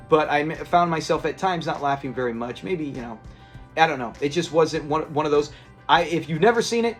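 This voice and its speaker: A man with a slightly higher voice talks through a classic sitcom episode in an easygoing, rambling way. He circles back on his own sentences and restarts often. Faint music plays softly under him. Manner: chatty, rambling retelling with restarts. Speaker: episode review host. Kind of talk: casual episode breakdown.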